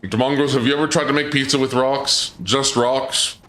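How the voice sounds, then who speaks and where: A man live-streaming, chatting with his viewers in an excitable, stammering way, his voice often leaping up when surprised. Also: mid-range voice, moderate pace. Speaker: livestreamer. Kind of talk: live-stream chat banter. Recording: echoey room with game music behind.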